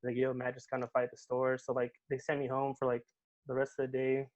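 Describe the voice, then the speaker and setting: Young guy, podcast guest, rapid and slightly high voice, lots of swearing and slang, dull lo-fi audio. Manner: animated, swears often, says "bro" and "dude". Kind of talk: casual storytelling.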